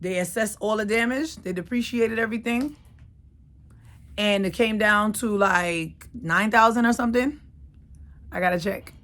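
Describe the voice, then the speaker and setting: A woman's voice: mid-range voice, normal speed, a bit bright. A woman in her thirties hosting her own channel, telling a personal story in a casual, emphatic way and repeating phrases for effect. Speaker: channel host.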